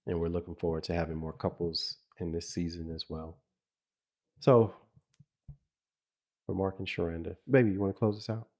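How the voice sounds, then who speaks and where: Deep-voiced middle-aged man, reflective. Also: steady tone, moderate pace, long pauses, darkish tone. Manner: reflective, rambling with restarts and laughs. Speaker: podcast co-host. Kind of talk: casual podcast chat.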